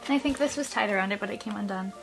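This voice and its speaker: A young woman chatting casually through an unboxing, gushing and gasping with excitement. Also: mid-range voice, rapid-fire, gravelly. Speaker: vlogger unboxing a reborn doll. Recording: music playing underneath.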